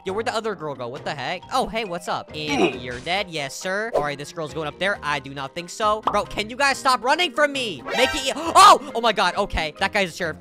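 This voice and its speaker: A YouTuber giving excitable, joking face-cam commentary while playing an online game, playfully trash-talking other players. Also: mid-range voice. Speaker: gaming YouTuber. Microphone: desktop mic with face cam. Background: background music.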